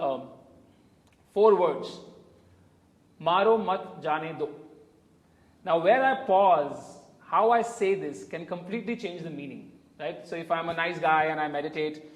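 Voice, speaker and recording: Indian man coaching in an echoey room. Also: on the high side. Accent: Indian English. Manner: emphatic, illustrates with spoken examples. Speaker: communication coach. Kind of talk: interview answers, explanatory. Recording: echoey room with long reverb.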